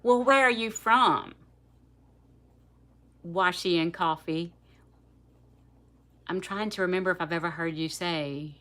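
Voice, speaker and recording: A woman with a South Louisiana accent chats casually on a livestream, laughing often and speaking directly to her viewers. Her voice is lowish and fairly bright, and she talks slowly with long pauses.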